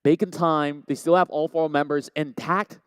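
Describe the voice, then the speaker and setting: A man giving live play-by-play commentary on a competitive esports match, with energetic delivery and sudden excited bursts. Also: on the high side, normal speed, clean tone, no room sound. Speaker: esports caster.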